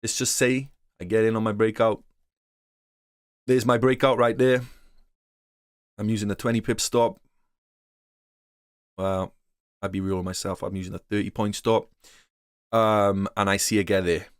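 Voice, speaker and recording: A man's voice: on the low side, steady tone, measured pace, pauses often, clean tone, no room sound, studio quality. A man teaching day trading in a loose, profane, slangy way, often acting out other traders' voices. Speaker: trading course instructor. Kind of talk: casual unscripted teaching.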